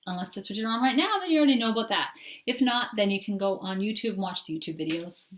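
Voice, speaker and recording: A woman's voice: medium pitch, lively intonation, quick pace. A woman channeler giving a casual, hesitant introduction with many fillers. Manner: hesitant, loose, with many "um"s and "sort of"s.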